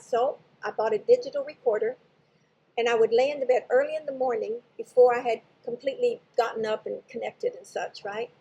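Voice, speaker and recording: A woman's voice: a little high, fairly quick, dark tone, husky, dull audio. An older woman casually telling a personal spiritual story, rambling and often correcting herself as she goes. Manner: rambling, digressive, self-correcting. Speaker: spiritual channel host.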